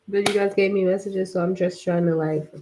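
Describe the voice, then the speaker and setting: A woman's voice: mid-range voice, background noise. Rambling young woman on a livestream. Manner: rambling, many fillers, slangy. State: tired from a workout. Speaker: livestream host. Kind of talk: casual spiritual livestream chat.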